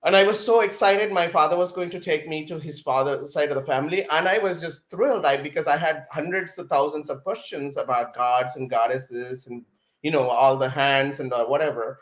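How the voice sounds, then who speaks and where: A man from India speaks as a podcast guest, telling his story in an animated way. He keeps stopping and restarting around many fillers. His voice sits slightly high, and it carries a roomy echo. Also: brisk. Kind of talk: personal storytelling in conversation.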